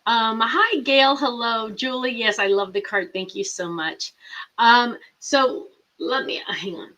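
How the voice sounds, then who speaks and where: A woman's voice: on the high side, takes it slowly, bright, forceful tone, low-quality recording. A middle-aged woman hosting a casual live chat, rambling and reading viewer comments aloud. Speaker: host.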